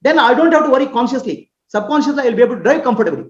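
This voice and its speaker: A woman's voice: high-pitched, lively intonation, racing. Earnest woman teaching in an echoey room. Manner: earnest, explanatory, often checks understanding with questions. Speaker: spiritual teacher. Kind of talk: spoken teaching on self-acceptance. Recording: roomy, slightly dull recording.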